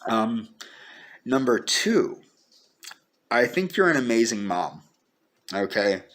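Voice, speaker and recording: A man speaking a personal video message to the camera, earnest and pleading, halting and repeating himself as he holds back tears. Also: medium pitch, big pitch swings, a bit bright, slight background noise. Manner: halting and repetitive, restarting sentences. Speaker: vlogger.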